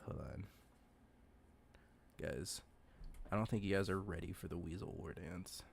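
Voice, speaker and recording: A streamer chatting on a livestream in an excitable, gushing, giggly way. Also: deep voice, a little slow, vocal fry, slight background noise. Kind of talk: livestream reaction chat.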